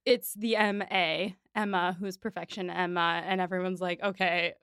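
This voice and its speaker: A woman hosts a podcast in a relaxed, chatty way, slipping into little voices for the characters she quotes. Her voice is smooth and resonant, and it sounds dry and close to the mic. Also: fairly low pitch, moderate pace, no echo. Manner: animated, acts out quoted lines. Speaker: podcast host. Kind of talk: casual chat about a TV adaptation.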